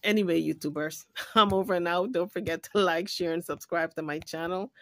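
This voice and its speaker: Indignant scolding woman, bright voice. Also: lowish voice, fairly even intonation, normal speed, no room sound. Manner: indignant, scolding, swears freely. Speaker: YouTube commentary host. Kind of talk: heated commentary rant.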